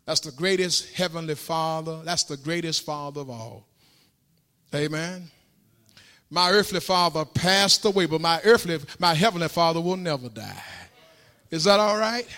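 A man preaching a sermon in a church, repeating phrases in call-and-response and rising to shouts. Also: fairly high pitch, moderate pace. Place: church sanctuary. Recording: long hall reverb.

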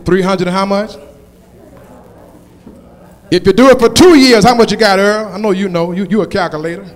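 A male pastor preaching a sermon with call-and-response, building to shouted climaxes. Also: sits high, normal speed, long reverb tail.

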